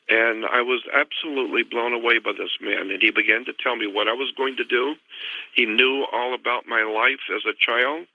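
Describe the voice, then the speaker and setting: A man's voice: medium pitch, fairly even intonation, normal speed, no echo. A man earnestly telling a long personal story as a radio guest, rambling through his memories. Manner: earnest, rambling retelling of a past encounter. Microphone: telephone. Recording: tinny phone line, dry.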